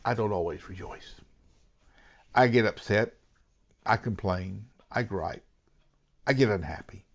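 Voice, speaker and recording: Pastor guy preaching a sermon, lowish voice, earnest, whispers then gets loud, kinda dull lo-fi sound. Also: measured pace, vocal fry, long pauses. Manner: earnest, dramatic, swings between hushed whispers and raised emphatic lines.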